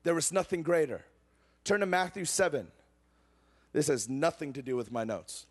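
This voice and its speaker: Young male preacher, slightly high-pitched, shifts between excited and hushed while telling a story. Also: moderate pace. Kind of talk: sermon.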